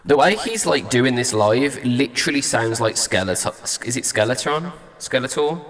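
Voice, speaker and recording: A man's voice: mid-range voice, normal speed, a bit bright, big-room sound, soft background music. A male singer-songwriter chatting casually as he reacts to a song and tests vocal ideas at a studio mic. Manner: thinks aloud, trying out vocal ideas.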